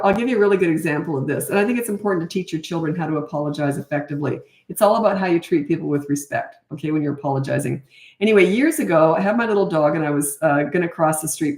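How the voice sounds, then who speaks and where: A middle-aged woman parenting coach chatting casually through viewer questions, animated, with quick asides. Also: low voice. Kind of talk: casual Q&A talk. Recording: roomy echo.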